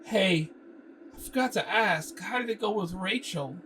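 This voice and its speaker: A man's voice: high-pitched, unhurried, pushed and bright, pitched above the performer's own voice. A man reading aloud voices an eager young male store worker in a raised, overeager voice. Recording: distant mic with background noise.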